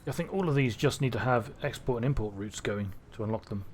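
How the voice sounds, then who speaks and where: A man's voice: medium pitch, fast talker, a little hiss or hum. A man from Cornwall with a neutral English accent, rambling and thinking aloud through casual gameplay commentary. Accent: neutral southern English. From Cornwall, England. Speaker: streamer.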